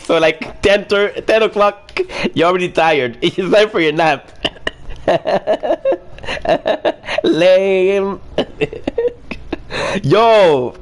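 A man chatting casually with friends online, joking, teasing and laughing often, swearing freely. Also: a little high.

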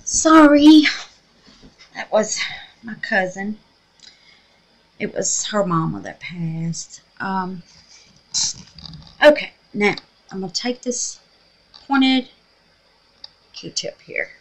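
A woman's voice: mid-range voice, animated, drawn-out words, pauses often, low-quality recording. A middle-aged woman, hosting a resin craft tutorial and chatting to herself and her viewers as she works. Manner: chatty, talks to herself and viewers while working. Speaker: resin craft channel host. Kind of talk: casual crafting tutorial talk.

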